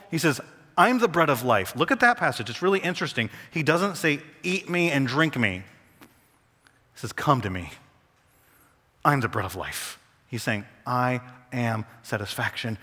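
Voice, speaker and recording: A male pastor preaching a sermon, animated, slowing down to read quotes aloud. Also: medium pitch. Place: church hall. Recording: long reverb of a large hall.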